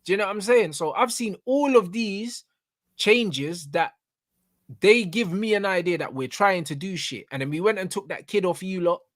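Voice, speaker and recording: Young male co-host, fired-up football fan, slightly high voice, dry close recording. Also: expressive, normal speed, dry recording. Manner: passionate, swears, repeats "do you know what I'm saying". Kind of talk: casual football debate.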